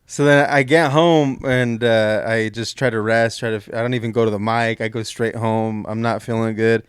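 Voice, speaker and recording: A man's voice: mid-range voice, fairly even intonation, clean tone, no echo, studio quality. A young man co-hosting a comedy podcast, telling a rambling story full of restarts and fillers. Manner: rambling, halting, many restarts. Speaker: podcast co-host.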